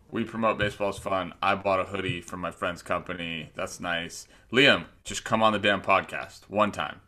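A man co-hosting a podcast, chatting loosely and joking about his week and baseball. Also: low-pitched. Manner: loose, joking, animated storytelling. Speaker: podcast co-host. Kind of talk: casual podcast chat.

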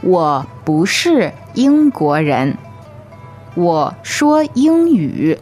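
Very slow, lively female teacher. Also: on the low side, soft background music. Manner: slow, clearly enunciated. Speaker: language teacher. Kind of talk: slow model pronunciation.

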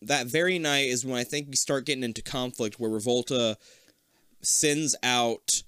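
A man's voice: mid-range voice, normal speed, a bit bright, clean tone, no echo, studio quality. A man in his thirties co-hosting a podcast in casual chat, rambling, swearing freely and laughing often. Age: 30s. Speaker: podcast co-host. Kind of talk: casual chat recapping a cartoon.

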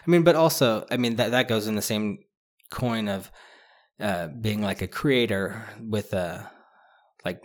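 A man chatting casually about a book, rambling with many restarts and fillers, and growing animated as he goes. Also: fairly low pitch, measured pace. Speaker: podcast co-host discussing a book. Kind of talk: casual chat.

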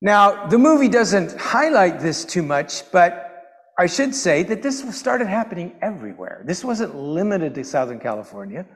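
A pastor delivers a sermon in an animated storytelling way, punching key words with sudden emphasis. His voice sits high for a man. The sound carries a long reverb from a church hall. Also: moderate pace.

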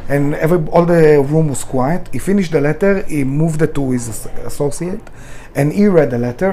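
A middle-aged restaurant founder in an interview, telling candid stories in a blunt, emotional way and swearing freely. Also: male voice, fairly high pitch, mellow, slight background noise.

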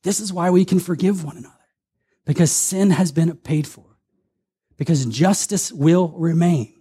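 Husky-voiced man preaching a sermon. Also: a little high, normal speed, warm tone. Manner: earnest, quotes scripture, shifts pace for emphasis. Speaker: pastor.

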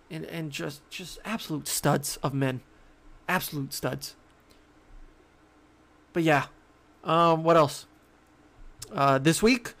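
A young man hosting his own sports podcast, talking casually and jokingly with lots of stammered restarts. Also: fairly high pitch. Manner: animated, rambling, joking, frequent stammered restarts. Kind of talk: casual solo sports talk.

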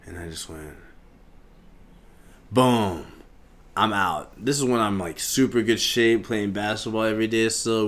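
Low-voiced profane young man storyteller. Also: unhurried. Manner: profane, animated storyteller acting out scenes. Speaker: podcast host. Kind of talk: casual storytelling.

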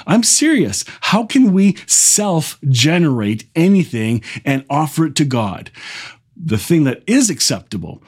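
A man preaching in an earnest tone, reading Bible verses slowly and asking his listeners pointed questions. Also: on the high side, sing-song, a little mellow, breathy edge. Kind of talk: sermon-style Bible teaching.

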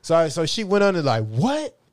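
Speaking fairly quickly in a fairly high, clean-toned voice, a middle-aged man rambles casually through stories from his life as an interview guest, frequently tossing in "you know what I'm saying." The recording is clean studio sound with no room sound.

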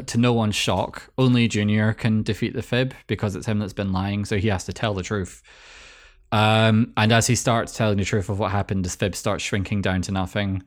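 A Scottish man with a lowish voice co-hosts a podcast in loose, casual chat. He recaps a cartoon episode with jokes, easy swearing and frequent laughter. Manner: loose and joking, swears freely, laughs often. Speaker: podcast co-host.

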